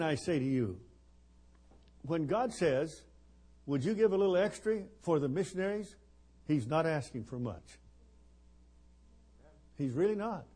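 A man's voice: medium pitch, warm tone, breathy edge. A man in his seventies preaching a folksy sermon at a missions conference, joking and rambling with chuckles and fillers.

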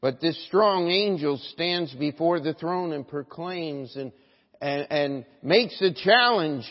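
A man preaching a sermon as pastor, reading scripture formally, then rising to loud emphasis and dropping to hushed words. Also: fairly high pitch, expressive, takes it slowly. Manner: reads scripture in an old, formal register. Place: church sanctuary. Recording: dull, lo-fi sound with long church reverb.

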